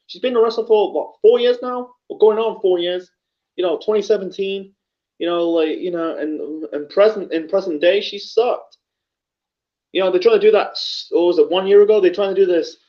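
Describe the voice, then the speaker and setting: Male vlogger, high-pitched, blunt profane rant, slightly dull lo-fi audio. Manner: profane, blunt, repetitive ranting. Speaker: wrestling commentary vlogger. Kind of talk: ranting solo commentary.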